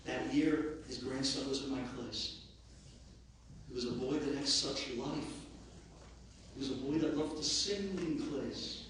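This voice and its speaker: A man, a rabbi, giving an impassioned eulogy that swings between shouting and hushed speech. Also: mid-range voice, slow, long pauses, a little hiss or hum. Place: large hall at a memorial gathering. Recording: very echoey hall, voice far from the mic.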